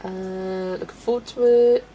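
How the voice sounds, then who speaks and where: A woman's voice: medium pitch, steady tone, a little slow, dark tone, lo-fi sound, a little hiss or hum. A woman hosting a colouring live stream, chatting casually with viewers and giggling often. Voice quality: gravelly creak in the voice. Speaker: colouring livestream host.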